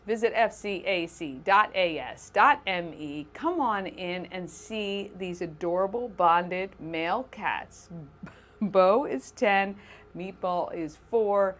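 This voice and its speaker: Woman hosting a local morning show, bright and kinda sharp tone, chatty and laughs a lot. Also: mid-range voice, takes it slowly. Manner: chatty, upbeat, laughs easily.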